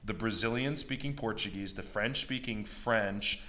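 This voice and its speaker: Low-voiced American man, chatty guest. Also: normal speed, bright, forceful tone. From United States. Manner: enthusiastic, many fillers like "like" and "you know". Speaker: beatboxer and guest. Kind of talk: casual interview chat.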